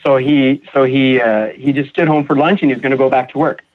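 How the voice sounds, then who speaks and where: A man guest on a recovery podcast, telling his personal story in a halting way, repeating words and acting out what others said. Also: mid-range voice, steady tone. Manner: halting, repeats words, acts out quoted voices. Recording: tinny phone-like audio.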